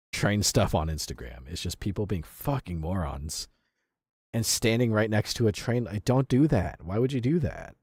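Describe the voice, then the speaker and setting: A young man streaming, giving casual reaction commentary, excitable and profane, laughing often. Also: low-pitched, husky, dry recording, studio quality.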